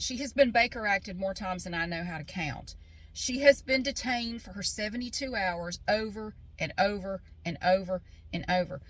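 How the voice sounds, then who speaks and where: Parked in her car, a middle-aged woman vlogger chats in a loose, rambling way, drifting off topic and poking fun at herself while keeping the story going. Her medium-pitched voice is fairly bright with no room sound, and faint car noises sit in the background of this casual chat vlog.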